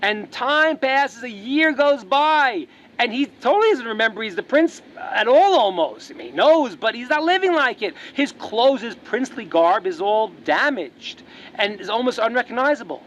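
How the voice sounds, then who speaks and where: A very high-pitched rabbi teaches a religious lesson at a moderate pace, with a little hiss or hum in the recording. He tells a parable as an animated storyteller, repeating words as he restarts.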